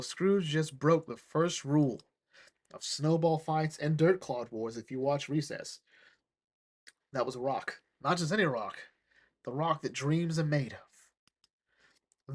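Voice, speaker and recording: A man excitedly retelling a comic story in a rambling, animated way, often saying "like" and "all right?". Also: fairly high pitch. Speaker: comics reviewer.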